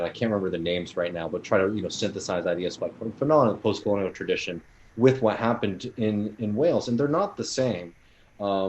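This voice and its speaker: Low-voiced American man on a dull line. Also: a little mellow. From United States. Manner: rambling, with many fillers and laughs. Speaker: podcast co-host reading listener questions. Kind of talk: casual panel chat.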